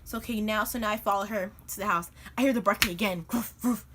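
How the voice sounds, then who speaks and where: A young woman vlogger telling a funny personal story in an animated, chatty way, full of "like" and "you know". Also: mid-range voice, quick pace, background noise. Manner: animated, chatty, filler-heavy with lots of "like". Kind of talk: casual storytime.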